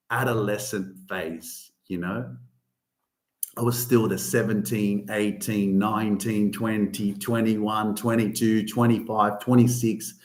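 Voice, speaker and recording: Profane, emphatic man in an echoey room. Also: on the low side. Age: 30s. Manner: profane, emphatic, swings between soft and loud. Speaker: motivational coach. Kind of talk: casual monologue.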